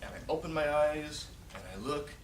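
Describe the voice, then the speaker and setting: A man in his forties with a slightly high voice tells a humorous story at a contest at a moderate pace, animatedly acting out scenes and shouted pleas. The recording comes from a distant mic in an echoey hall and is noisy.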